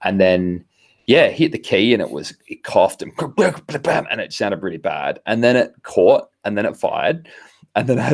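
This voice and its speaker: Casting: deep, low-voiced Australian guy, rambling storyteller on a video call, acts out other people's lines as he goes. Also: big pitch swings, a little slow, creaky. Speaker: podcast co-host. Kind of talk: casual chat over a video call.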